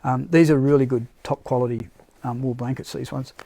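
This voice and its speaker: Gravelly man showing products live. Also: mid-range voice, fairly even intonation, a little fast, warm tone, no room sound. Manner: unscripted, searching for words as he shows items. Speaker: product presenter. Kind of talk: casual live-stream product showcase.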